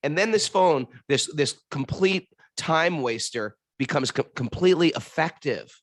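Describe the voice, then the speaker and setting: A man in a casual spiritual conversation, answering questions with a playful, joking manner. His voice sits slightly high and is recorded close and dry, with no room sound around it. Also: lively intonation, no echo. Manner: playful, laughing, quick asides.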